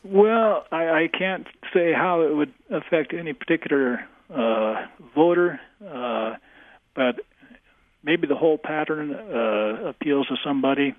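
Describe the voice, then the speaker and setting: Halting professor on a phone line. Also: male voice, a little high, no room sound. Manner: halting, many uh fillers, measured academic. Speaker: guest professor of English. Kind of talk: radio call-in interview.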